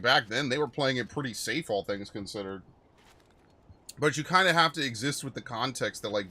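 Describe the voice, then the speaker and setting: A man's voice: mid-range voice, sharp tone. A man streaming a game, chatting casually and rambling with frequent swearing and asides. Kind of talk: casual gameplay commentary.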